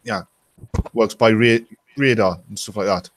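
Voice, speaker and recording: A man telling crude jokes in casual stream banter, halting and restarting as he goes. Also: fairly low pitch. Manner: halting, stumbling starts before punchlines.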